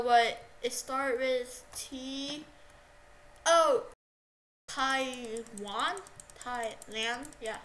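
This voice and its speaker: A young woman livestreaming a game, excitable and repeating herself, yelping at what happens on screen. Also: a little high, a little hiss or hum, rough recording. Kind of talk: live gameplay commentary.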